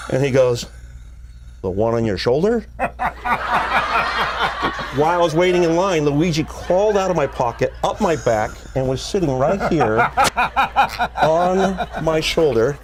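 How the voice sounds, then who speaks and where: A man's voice: a little high, noisy background. A man, a magician guest on a TV talk show, telling a rambling anecdote and laughing often. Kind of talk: casual anecdote. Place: TV studio.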